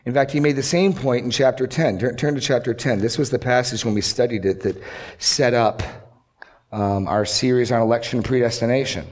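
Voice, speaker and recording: A man's voice: mid-range voice, a little fast, a little mellow. Male pastor preaching, earnest, asks questions then answers them, repeats the big lines. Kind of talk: sermon.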